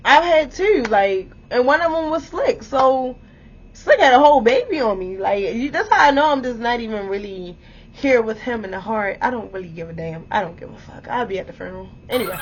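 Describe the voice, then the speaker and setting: A young woman vlogger telling a story to her viewers in a blunt, animated way, swearing freely and speaking to them directly. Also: medium pitch, normal speed, lo-fi sound, a little hiss or hum. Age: young adult.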